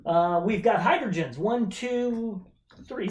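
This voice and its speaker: A woman's voice: lowish voice, animated, moderate pace. A woman teaching a chemistry lesson remotely in a chatty way, with joking asides while she counts aloud. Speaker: chemistry instructor. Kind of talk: casual remote lecture.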